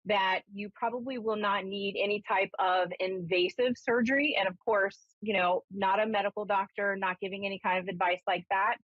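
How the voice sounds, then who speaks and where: A chatty woman from Ohio works as a psychic medium on a live call-in radio show. She tells stories in an animated way, full of fillers. Her voice sounds dry and slightly muffled, like a radio broadcast. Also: medium pitch, normal speed, hardly any pauses, no echo. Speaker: psychic medium and spiritualist minister.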